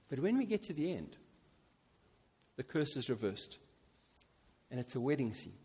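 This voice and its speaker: A man preaching a sermon, animated and emphatic, with quiet asides between his peaks. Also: mid-range voice, moderate pace, long pauses, husky. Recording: long hall reverb.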